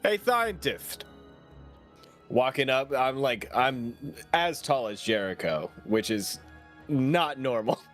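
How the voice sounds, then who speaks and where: A man's voice: mid-range voice, takes it slowly, faint music behind. A man playing a tabletop game, chatty and joking, hesitating with "um" and "I guess". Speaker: player.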